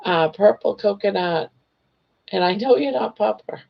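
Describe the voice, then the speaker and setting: An older woman hosting a casual livestream chat, reading viewer comments in a gentle, reassuring way while hoarse from losing her voice. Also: mid-range voice, expressive, unhurried. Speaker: livestream host. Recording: dull lo-fi livestream audio.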